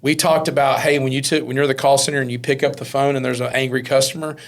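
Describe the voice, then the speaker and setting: A man with a gravelly, creaky voice at a middle pitch tells business stories in a loose, conversational way. He acts out the back-and-forth of past conversations and often restarts his sentences with fillers. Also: fast. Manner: animated, acts out quoted dialogue, frequent fillers and restarts. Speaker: business owner guest. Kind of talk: casual conversational storytelling.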